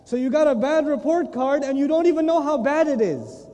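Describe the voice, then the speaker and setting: Lecturer, male, high mellow voice, animated storyteller, echoey hall. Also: brisk. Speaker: Islamic lecturer. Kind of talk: humorous religious lecture.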